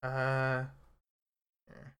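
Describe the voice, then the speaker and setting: A man's voice: medium pitch, monotone, very slow, a bit bright, slight background noise. Playful teasing man reviewing an episode. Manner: playful teasing, laughs often. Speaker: podcast co-host. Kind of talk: casual episode review chat.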